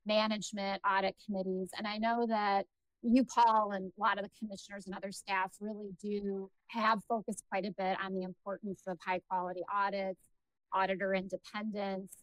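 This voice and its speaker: A woman's voice: medium pitch, little pitch movement, fairly quick, dry recording, rough recording. Podcast host: a woman, conversational and affirming, dry studio sound. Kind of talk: interview questions.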